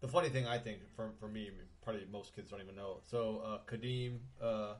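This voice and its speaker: A man's voice: on the low side, fairly even intonation, fairly quick. Rambling middle-aged man, casual podcast chat. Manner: rambling, many ums and restarts, swears casually. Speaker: podcast co-host.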